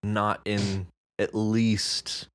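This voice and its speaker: A woman's voice: very deep voice, drawn-out words. A woman co-hosting a podcast, chatting casually and jokingly about a story, playing with words. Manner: animated, joking, playful with words. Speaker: podcast co-host.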